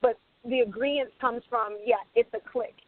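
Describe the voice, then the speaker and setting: A woman screenwriter speaks passionately and with animation on a radio panel discussion, acting out snippets of dialogue. Her fairly high voice moves fairly quickly, and the recording is dry with no echo and a tinny phone-line sound.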